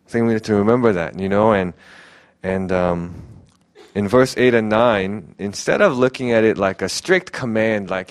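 A man's voice: lowish voice, expressive, normal speed, clean tone. A young man preaching a casual, earnest sermon as a youth pastor, pleading, with many fillers and restarts.

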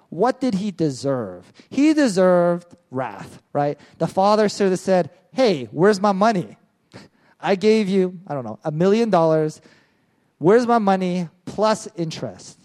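Man, preacher, conversational sermon, mellow voice sitting a bit higher than most men, keeps asking "right?". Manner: conversational, asks questions and answers them, keeps saying "right?". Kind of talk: casual sermon retelling a parable.

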